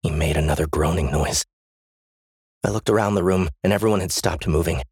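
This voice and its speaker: A man's voice: deep voice, brisk, breathy edge, no echo, studio quality. A man narrating a first-person story as an audiobook, in a tense, dramatic reading.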